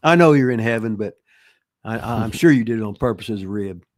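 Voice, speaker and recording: Speaking fairly quickly in a low, expressive voice, this retired pro wrestler fields listener questions with casual, meandering stories. The older man swears freely, restarts often and drops folksy asides about wrestling.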